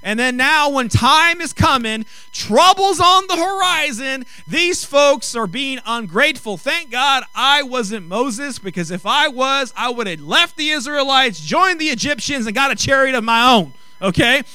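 A man preaching a sermon, emphatic, rising to loud, drawn-out phrases on key lines. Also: very high voice, expressive, no echo.

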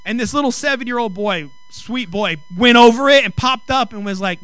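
High, bright-voiced man preaching. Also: fairly quick, smooth, no room sound, poor audio. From Mexican heritage. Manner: animated, acts out quoted dialogue, rising to exclaim. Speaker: pastor. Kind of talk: sermon with comic storytelling.

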